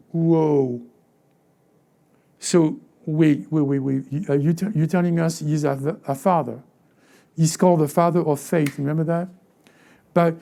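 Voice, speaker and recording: A man's voice: a little high, vocal fry, mellow. A man preaching a sermon as pastor. He keeps asking the congregation questions, acts out little quoted voices, and often repeats words or restarts phrases. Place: church sanctuary.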